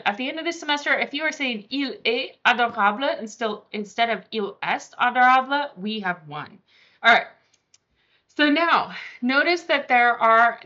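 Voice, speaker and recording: A young woman with a high, bright voice teaches a pronunciation lesson, slowly repeating each example word. The recording sounds dull and lo-fi. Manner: explains slowly, repeating and drawing out example words. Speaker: French teacher.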